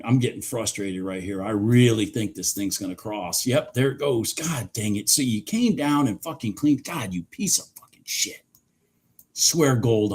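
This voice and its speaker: A man's voice: fairly low pitch, husky. A man giving live trading commentary on a stream, exasperated, swearing and talking straight at the chart. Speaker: livestream day trader.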